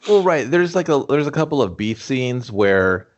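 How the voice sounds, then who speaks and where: A man's voice: medium pitch, very animated, moderate pace, lo-fi sound. A man co-hosting a casual movie review podcast, joking and swearing as he retells scenes in mock quotes. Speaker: podcast co-host.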